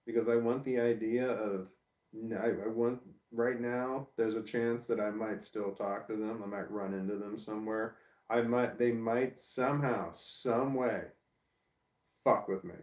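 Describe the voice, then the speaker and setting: A man's voice: fairly low pitch, fairly even intonation, measured pace, darkish tone. A middle-aged man venting bluntly and profanely in a personal video rant, repeating himself as he goes. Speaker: vlogger. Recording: echoey room, distant from mic.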